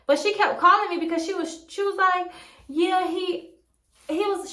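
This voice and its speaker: Young woman vlogger, high voice, sassy and profane, casual storytelling, echoey room. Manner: sassy, profane, animated retelling with playful asides.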